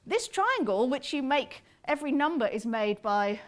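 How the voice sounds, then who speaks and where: A woman giving an animated, explanatory public lecture, sometimes tapping out rhythms aloud. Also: high-pitched, normal speed. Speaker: conference speaker.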